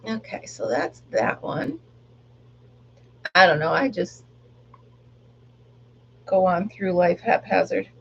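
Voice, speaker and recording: A woman's voice: lowish voice, expressive, extremely slow, gravelly, pauses often, dull audio, slight background noise. A middle-aged woman chatting casually on a live stream while she crafts, laughing often and rambling about her day. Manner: chatty, laughs often, sings along softly. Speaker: livestream crafter.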